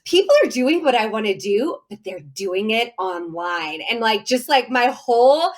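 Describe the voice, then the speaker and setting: Woman guest on a podcast, excited and rambly, lots of likes and oh my goshes. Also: fairly high pitch, normal speed. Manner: animated, effusive storytelling with many fillers. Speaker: podcast guest, summit host. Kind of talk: casual podcast interview.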